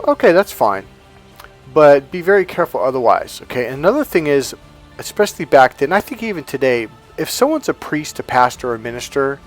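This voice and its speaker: A man's voice: medium pitch, lively intonation, normal speed, soft background music. A man talking as a life coach, telling stories and pressing his points through emphatic repetition in a casual motivational monologue.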